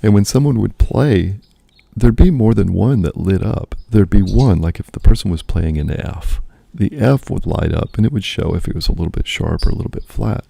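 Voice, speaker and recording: A man's voice: on the low side, expressive, normal speed, vocal fry, hardly any pauses, mellow, slightly rough. A man, a priest and host, musing aloud in casual spoken reflection, often checking in with "right?".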